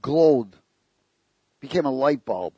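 A man's voice: mid-range voice, animated, slow pace, mellow, husky, no room sound. A man preaching a sermon, telling stories with jokes and asking the congregation rhetorical questions.

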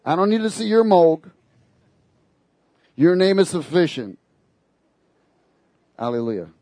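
A man delivers a sermon in an animated, sarcastic style, slipping little laughs between his points. His voice is fairly high for a man and a little slow. The sound is dry and close, with no room echo.

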